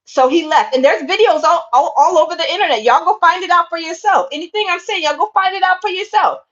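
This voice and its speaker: A woman with a high voice talks straight to her viewers in a fired-up livestream rant. She repeats herself and keeps calling them "y'all". The sound is dull and lo-fi. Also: fast talker, a bit bright. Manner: impassioned, repetitive, keeps addressing viewers as y'all. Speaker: online commentator. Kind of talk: casual livestream commentary.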